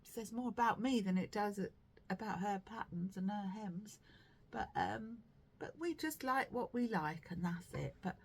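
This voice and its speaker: A woman's voice: mid-range voice, unhurried, vocal fry. A woman chats to camera about her knitting in a rambling, self-deprecating way, full of ums and little asides. She drifts back from the camera mic now and then, and there's a faint hiss under her voice. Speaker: knitting podcast host. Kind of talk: casual chat to camera.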